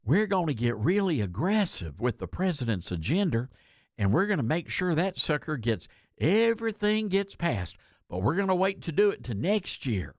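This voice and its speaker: A man putting on a mocking impression of a pompous male politician, slow and blustering. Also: a little high, big pitch swings, no echo, clean studio sound.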